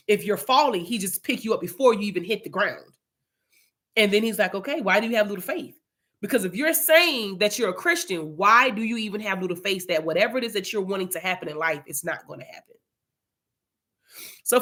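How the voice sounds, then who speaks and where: A woman's voice: medium pitch, a bit bright. A young woman leading an informal Bible study, chatty and casual, telling personal testimony.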